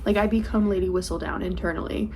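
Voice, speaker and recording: A woman's voice: medium pitch, steady tone, quick pace, dark tone, slight background noise. Giggly rambling woman podcast host. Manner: rambling, giggly, full of fillers. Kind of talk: casual chat.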